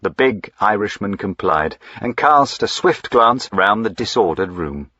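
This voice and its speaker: Deep husky male audiobook narrator. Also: lively intonation, unhurried, pushed and bright, no room sound, dull audio. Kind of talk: scripted narration.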